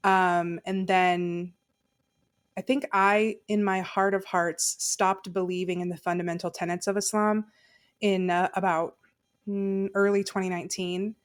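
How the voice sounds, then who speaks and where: At a measured pace, a woman with a medium-pitched, level voice tells a personal story as a guest on a podcast. She comes across as candid and chatty, laughing and saying "like" often.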